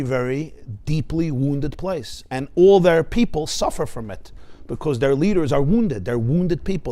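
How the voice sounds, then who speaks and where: Brief: male rabbi teaching, fairly high voice, lively storyteller with questions to the room. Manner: animated storytelling, rhetorical questions. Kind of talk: Torah class lecture.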